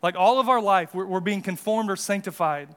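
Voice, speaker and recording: High-voiced man preaching with rising emphasis. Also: brisk, a bit bright, clean tone. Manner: earnest preaching, rises in pitch and volume for emphasis. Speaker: pastor. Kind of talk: sermon.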